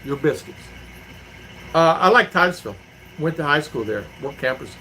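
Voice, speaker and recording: A middle-aged man from the United States talks loosely to his livestream audience, circling back and repeating phrases as he spins homespun stories. His voice sits a little high for a man and has a bright, forward edge. A faint hum of noise sits under the recording. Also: animated, fairly quick, rough recording. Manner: rambling, repeats himself, folksy storytelling. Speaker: vlogger reading viewer comments. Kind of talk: casual livestream chat.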